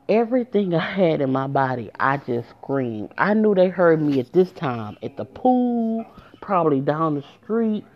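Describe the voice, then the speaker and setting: Over a muffled, lo-fi recording, a low-voiced woman recounts something personal. She's casual and emotional, addressing her listeners directly as she talks.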